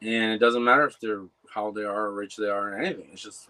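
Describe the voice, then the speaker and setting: A man in casual chat as an interviewer, rambling, profane and animated. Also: on the low side, fast, low-quality recording.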